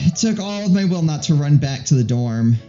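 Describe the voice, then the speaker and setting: A man's voice: a little high, expressive, normal speed, mellow. A man playing a visual novel with a partner, reading the narration aloud in a playful, laughing way. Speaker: let's play host. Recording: slightly dull recording with faint music.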